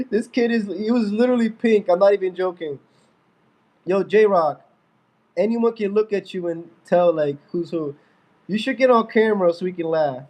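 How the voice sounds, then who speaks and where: A young man trash-talks and laughs at a viewer during a casual livestream. His nose is stuffy from a fever. His voice sits a little high. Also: unhurried, pauses often, a little mellow. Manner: mocking, trash-talking, laughing at a chat viewer.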